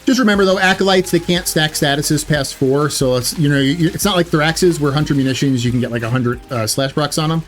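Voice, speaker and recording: A man's voice: fairly high pitch, brisk, hardly any pauses. A man giving casual gameplay commentary in a chatty way, correcting himself often with loose filler words. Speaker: gaming YouTuber.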